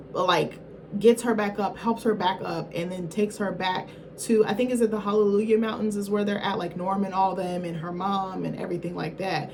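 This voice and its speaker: A woman's voice: mid-range voice, slight background noise. A woman reviewer giving a casual film recap in a rambling, slangy, profane way, often correcting herself mid-thought.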